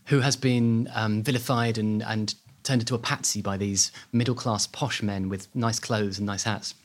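A man's voice: lowish voice, fairly even intonation, moderate pace, lightly acted. A man voicing a meek young woman who plays the innocent victim, in a plaintive tone.

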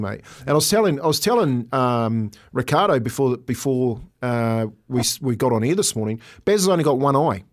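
Chatty New radio co-host, laughing. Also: male voice, medium pitch. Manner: chatty, laughs often, storytelling. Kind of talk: casual radio banter.

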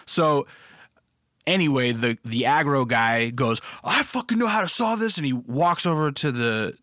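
A man spinning a casual, rambling anecdote, peppered with filler words, asides and cheerful profanity. His voice is bright and forward, in an ordinary middle pitch, and the recording is close and dry with no room sound. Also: no echo. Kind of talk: casual storytelling.

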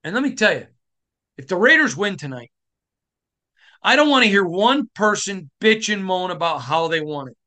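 A middle-aged man from Michigan delivers a sports podcast monologue with fervent conviction. His voice sits high for a man and rings bright and forceful. He hammers short phrases and pushes them up toward a shout. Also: sing-song, moderate pace, pauses often. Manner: passionate, emphatic, rising to shouting. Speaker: podcast host.

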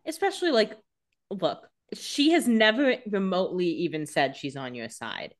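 A woman's voice: on the low side, expressive, normal speed. A young woman co-hosting a casual podcast, bantering bluntly with jokes and casual swearing. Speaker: podcast co-host. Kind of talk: casual chat.

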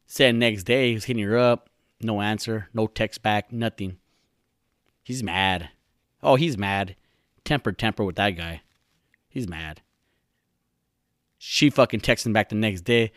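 Pausing often and speaking a little slowly, a young podcaster rants solo, cursing and rambling while he makes fun of his friends. His lowish voice has lively intonation and a slightly bright quality, captured in a dry, clean studio recording.

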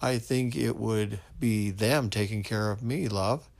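Frail grieving old husband, quiet and subdued, read by a man with a low gravelly voice. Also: unhurried. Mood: sorrowful.

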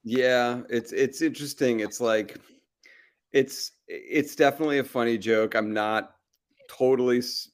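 This man has a mid-range voice and a measured pace. He's a comedy TV writer appearing as a guest on a podcast taped live at a restaurant, and the talk is relaxed. He's thoughtful and full of hedges, and he performs any voices he quotes.

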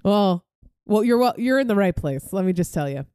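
A woman's voice: medium pitch, moderate pace, clean tone, dry recording. A woman co-hosts a chatty podcast, her voice swinging up and down as she tells stories. She laughs often and swears casually. The sound is dry and close. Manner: animated storyteller, swears freely, laughs often. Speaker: podcast co-host. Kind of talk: casual chat.

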